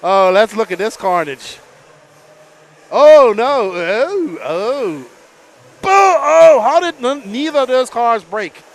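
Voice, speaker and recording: A man calling a live RC car race as announcer, excitable and often laughing between calls. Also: very high-pitched, slow pace.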